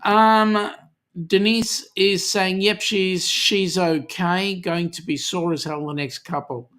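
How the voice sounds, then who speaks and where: Slow-talking Australian livestream host. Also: mid-range voice, fairly even intonation, a bit bright. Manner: unhurried, frequent ums, friendly banter with viewers. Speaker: host of a live cruising chat stream. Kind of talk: casual livestream chat, reading viewer comments aloud.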